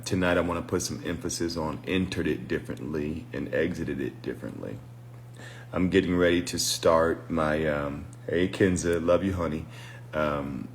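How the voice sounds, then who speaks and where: A man's voice: a bass voice, darkish tone, slight background noise. A man who is a pastor and deliverance minister, giving a reflective late-night livestream talk and greeting viewers by name between his thoughts.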